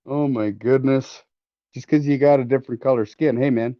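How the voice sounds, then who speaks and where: A man hosts a casual livestream from his workshop, showing off 3D scanning while joking and rambling, full of fillers and restarts. His voice is medium-pitched and steady at a moderate pace, and the dry stream audio sounds slightly dull and lo-fi.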